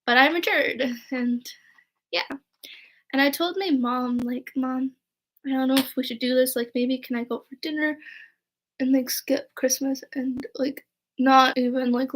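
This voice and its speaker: Young woman, high voice, casual storytelling, rambling, chatty, quotes dialogue. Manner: chatty and rambling, with frequent "like" and "right?"; quotes people in dialogue while telling stories. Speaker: vlogger.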